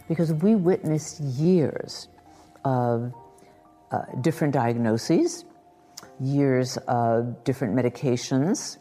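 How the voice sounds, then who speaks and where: Older woman, very low voice, warm and dark, reflective, measured, personal recollection. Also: long reverb tail. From Lithuania. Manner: reflective and measured, with pauses and restarts.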